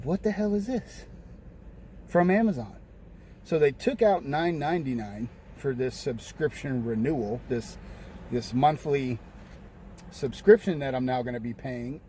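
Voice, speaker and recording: A man's voice: mid-range voice, warm tone. A man venting to the camera in a casual, rambling vlog, exasperated and repeating himself. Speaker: vlogger. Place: room with windows open near a street. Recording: faint street noise. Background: passing buses and traffic.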